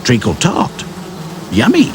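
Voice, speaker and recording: A man voicing a greedy swarm of wasps in a shrill, pushy voice. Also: wildly swooping pitch, takes it slowly, noisy background.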